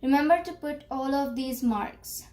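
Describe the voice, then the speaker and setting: A woman teaching a beginner French lesson, explaining slowly and repeating each phrase carefully. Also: sits high, a little mellow, rough recording.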